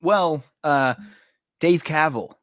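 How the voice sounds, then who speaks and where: A man hosting a casual sports podcast, talking in a relaxed, easygoing way. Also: fairly high pitch, slow, no room sound, clean studio sound. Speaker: podcast host.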